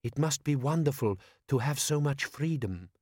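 A man voicing an earnest young village woman who talks gently. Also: mid-range voice, lively intonation, moderate pace, no echo, studio quality, pitched above the performer's own voice, natural voice.

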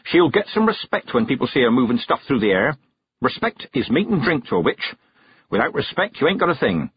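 A man voicing a stern, blunt old woman witch who talks in plain, rough country grammar, in a storybook reading. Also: mid-range voice, big pitch swings, brisk, lo-fi sound, slight background noise, voice pushed up, natural voice. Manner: gruff, plain-spoken, dropped-g country grammar.

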